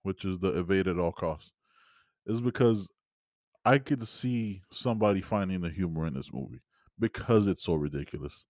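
A man's voice: sits low, normal speed, a little mellow, no echo, clean studio sound. A man hosting a podcast, giving a casual solo movie review as an exasperated, rambling rant full of restarts. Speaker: podcast host.

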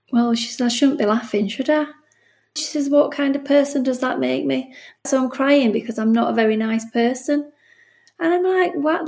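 A woman's voice: sits high, creaky, darkish tone. A middle-aged woman, talking earnestly about her work as a bereavement midwife in a casual interview, often restarting and acting out conversations. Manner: earnest, emotional, frequent restarts and quoted dialogue. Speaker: bereavement midwife, podcast guest.

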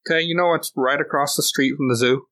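A man's voice: fairly high pitch, steady tone, quick pace, a bit bright. A man co-hosting a podcast, telling long stories in casual chat, laughing often and restarting his sentences. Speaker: podcast co-host.

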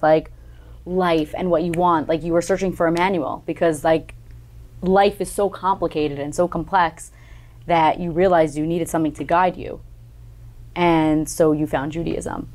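A woman hosts a casual interview with an enthusiastic, chatty manner. Her voice sits on the lower side, and "like" runs all through her questions. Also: darkish tone. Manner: enthusiastic, uses lots of "like". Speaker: interview host.

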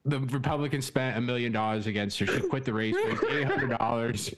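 A man co-hosting a podcast, telling animated stories in casual chat, swearing and saying bro. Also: medium pitch, brisk. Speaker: podcast co-host.

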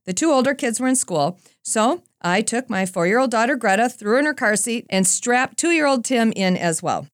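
A woman giving a Christian talk, telling a personal story in a lively, conversational way with self-deprecating asides. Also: mid-range voice, dry recording, clean studio sound. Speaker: Christian speaker.

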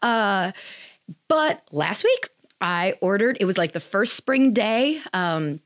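A woman's voice: medium pitch, animated, slow, dry recording, clean studio sound. A woman hosting a podcast, giving blunt, candid advice in a casual chatty way with plenty of fillers. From Wisconsin, US. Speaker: podcast host advising chiropractors.

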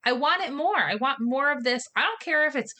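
An eager woman discussing a novel in casual conversation, quick to laugh. Her voice is bright and forward. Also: sits high, lively intonation. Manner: enthusiastic, laughs often. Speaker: podcast co-host.

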